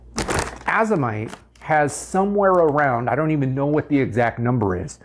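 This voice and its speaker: A man's voice: mid-range voice, lively intonation, normal speed. A man in a video clip explaining a product in an offhand way, unsure of the exact figures.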